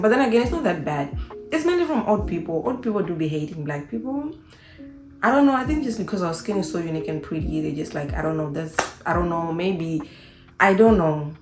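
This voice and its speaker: A young woman from Zimbabwe talking casually to camera in an unscripted vlog, animated and acting out the voices of people she quotes. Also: lowish voice, a little fast, echoey room, over music. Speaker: vlogger.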